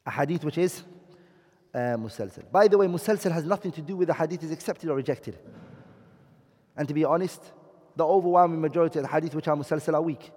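A man's voice: a little high, darkish tone, big-room sound. A man teaching a class, explaining step by step and often checking that his students follow. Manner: explains slowly, checks understanding with questions. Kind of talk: classroom lecture.

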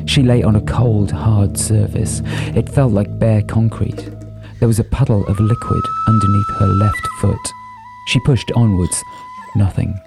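Male audiobook narrator, low gravelly voice, lively, over music. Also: a little slow.

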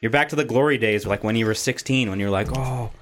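A man's voice: fairly low pitch, quick pace, a bit bright. A young adult man hosting a casual podcast chat, telling long rambling stories with plenty of swearing. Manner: rambling storyteller, swears freely. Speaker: podcast host.

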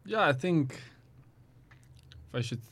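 A young man in his twenties with a South African accent, a guest athlete speaking casually and hesitantly with lots of pauses. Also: on the high side, breathy edge. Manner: relaxed, hesitant, many ums. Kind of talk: casual interview chat.

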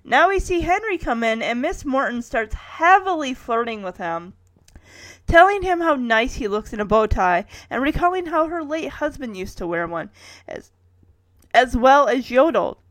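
A woman's voice: sits high, very animated, normal speed, a bit bright, no echo. A woman in her thirties casually recapping a TV episode, with wry personal asides and chuckles.

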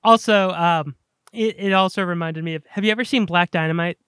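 A man co-hosting a casual chat about movies, eager and rambling, tripping over repeated words when excited. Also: high-pitched, brisk, clean tone, no echo, clean studio sound. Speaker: podcast co-host.

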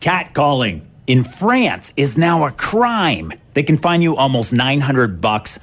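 A man's voice: medium pitch, very animated, slow pace, a bit bright, faint music behind. A man co-hosting a morning radio show, telling news stories with jokes and laughing at his own punchlines. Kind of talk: joking morning radio banter.

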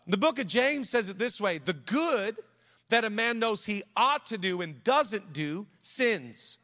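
A male pastor preaching a sermon, switching between emphatic declarations and a low, hushed storytelling voice. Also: animated, a little slow. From United States. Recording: reverberant hall.

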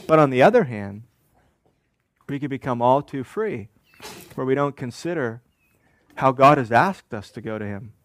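A man preaching a sermon as pastor, deliberate, repeating key phrases and asking the congregation rhetorical questions. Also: mid-range voice, lively intonation.

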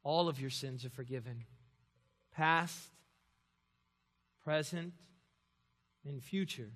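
A young man preaching a sermon, moving from quiet storytelling to loud, forceful preaching. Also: mid-range voice, slow pace, pauses often. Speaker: pastor. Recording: long reverb of a large hall.

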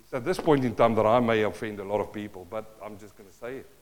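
A man preaching a sermon, reading scripture aloud with loud emphatic bursts and dropping to quiet asides, often thinking aloud and restarting. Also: fairly low pitch, quick pace. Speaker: pastor.

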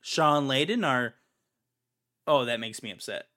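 Male podcast host, young adult, bright, emphatic, prone to ranting. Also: mid-range voice, measured pace. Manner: ranting, emphatic, repeats himself. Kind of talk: casual podcast chat.

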